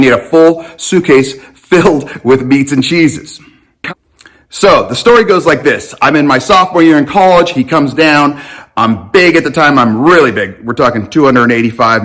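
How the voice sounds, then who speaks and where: A man who coaches long snapping, telling a story in a casual, animated, joking and affectionate way. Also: medium pitch.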